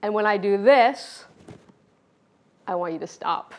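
A woman teaching a children's music lesson, speaking clearly and playfully, often demonstrating with her own voice. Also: medium pitch, expressive, measured pace. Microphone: pre-recorded video lesson.

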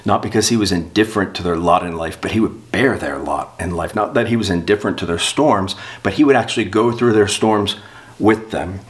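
A pastor with a low, deep voice gives a sermon in a church. He reads passages aloud from a storybook and a catechism and then leads the congregation in prayer. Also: brisk.

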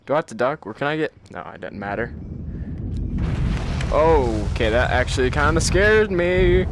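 A man's voice: medium pitch, expressive, a little slow, noisy background. A man hosting a gaming channel, giving let's-play commentary while nervous, jumpy and laughing often.

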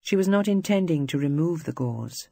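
Gravelly audiobook narrator. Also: mid-range voice, lively intonation, normal speed, warm tone, no echo, clean studio sound. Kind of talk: scripted narration.

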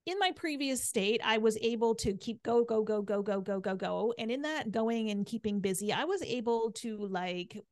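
A woman's voice: on the high side, normal speed, few pauses, darkish tone, no echo. Middle-aged female podcast guest; candid, chatty storyteller; dry, close mic. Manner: chatty, frequent "right?" and "like".

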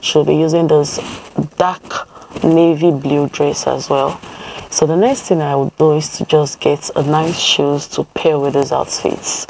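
A woman's voice: deep voice, fairly even intonation, unhurried, vocal fry, darkish tone, slight background noise, poor audio. A mother vlogging at home, chatting casually to her viewers and calling them "you guys" and "my loves.". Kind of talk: casual vlog narration to viewers. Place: at home indoors.

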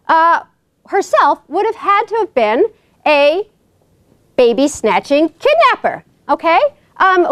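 A woman with a New York accent giving a humorous lecture as a guest speaker in a college lecture hall, telling stories as an animated, joking storyteller. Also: extremely high pitch.

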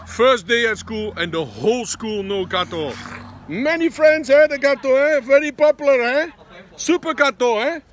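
A man's voice: extremely high pitch, lively intonation, normal speed, a bit bright, a little hiss or hum. A man with a Dutch accent, a vlogger father chatting casually and teasingly, often tagging his lines with "eh?". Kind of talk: casual family vlog chat. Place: outdoors at a busy school.

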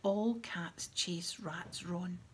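A woman reading as an earnest, bookish teenage girl, quick and insistent. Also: lowish voice, a little hiss or hum. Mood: impatient.

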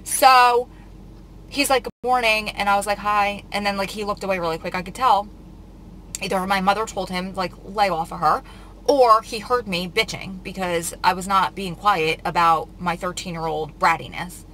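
A woman's voice: mid-range voice, normal speed, fairly bright tone, slight background noise, poor audio. A woman vlogger telling a painful story in a casual confessional vlog, upset and rambling with many filler words.

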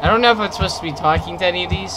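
A man's voice: sits high, racing, heavy background noise. A man commentating while he plays a horror game, muttering, cursing and yelping at sudden scares. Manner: profane, startled reactions and mutterings. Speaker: game streamer. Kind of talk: let's play commentary. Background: loud game music.

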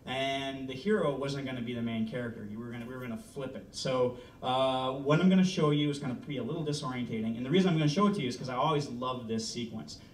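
A man from Canada, a film director, pitching a story to an audience in a loose, joking, casually swearing way. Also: quick pace, few pauses. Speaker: film director giving a talk. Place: presentation room. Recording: roomy, from far off, faint rumble.

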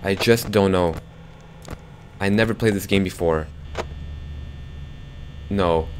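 A young man commentating a horror game for his viewers, jumpy and quick to swear when startled, talking to the audience as he plays. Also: low-pitched, slight background noise. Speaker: gaming YouTuber.

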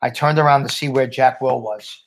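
A man's voice: mid-range voice, steady tone, normal speed, creaky. A man reading a novel aloud in the first person, adding a few casual asides of his own. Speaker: reader.

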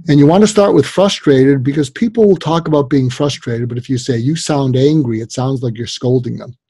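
A man's voice: mid-range voice, fairly quick, slightly rough, dry recording. A man being interviewed as a psychologist and author, explaining advice emphatically and lacing his talk with "you know". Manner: emphatic, animated, many "you know" fillers.

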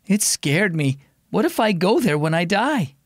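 A man's voice: sits high, sing-song, a little slow, no echo, studio quality, voice pushed up, exaggerated voice. A man voicing a worried young girl in a children's story, speaking in a troubled, pleading way.

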